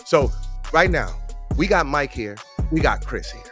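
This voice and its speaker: A man hosting a webinar, talking in an energetic hype-man style with lots of slang and a sing-song delivery. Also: on the high side, measured pace. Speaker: webinar host. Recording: hip hop music playing behind.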